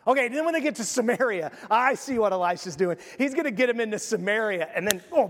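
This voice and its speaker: A male pastor preaching a casual, animated sermon and acting out quotes. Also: high voice, quick pace, hardly any pauses, in a large hall.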